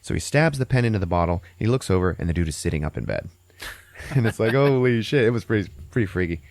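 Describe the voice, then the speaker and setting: A man hosting a podcast, recapping a movie in a profane, animated, laughing way. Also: low voice, fast, creaky, no echo. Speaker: podcast host.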